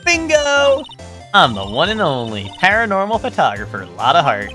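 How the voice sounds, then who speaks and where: A man's voice: on the high side, huge pitch swings, moderate pace, sharp tone, faint music behind, pitched above the performer's own voice, full character voice. A man voicing a brash, nosy southern woman photographer with a folksy drawl, reading a video game's lines aloud. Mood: excited. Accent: Southern US (put on).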